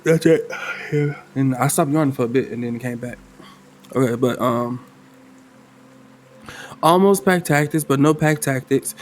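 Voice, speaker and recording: A man running a solo tabletop game as game master, talking loosely in slang and thinking out loud. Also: medium pitch. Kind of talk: casual tabletop game narration.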